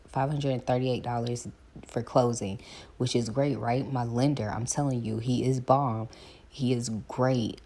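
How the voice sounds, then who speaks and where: Very low-voiced chatty woman. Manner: chatty, animated retelling of phone calls. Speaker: vlogger. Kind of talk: casual storytime while doing hair.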